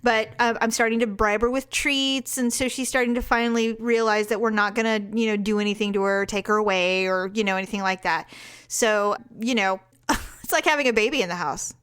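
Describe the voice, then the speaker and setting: A woman co-hosting a podcast, chatting casually and telling animated stories with frequent laughs. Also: on the high side, fairly quick, clear, resonant tone. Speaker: podcast co-host. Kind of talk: casual chat.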